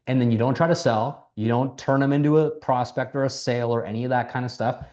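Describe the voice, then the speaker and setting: A man casually coaching people on sales, lively, acting out quoted conversations, and swearing now and then. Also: mid-range voice, fairly quick, few pauses, muffled recording. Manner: animated, acts out quoted dialogue, swears casually. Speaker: mentor teaching sales.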